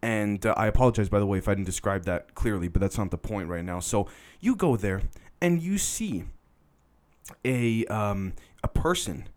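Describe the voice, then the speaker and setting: A man's voice: lowish voice, animated, normal speed, a little mellow. A man hosting a podcast, telling a story in a casual, rambling way and talking straight to his listeners. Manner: rambling, conversational, addresses listeners directly. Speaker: podcast host.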